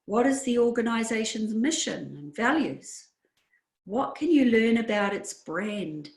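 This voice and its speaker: Measured woman narrating career advice. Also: on the high side, very animated, echoey room, rough recording. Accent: Australian. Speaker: career adviser. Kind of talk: scripted narration over a slide show.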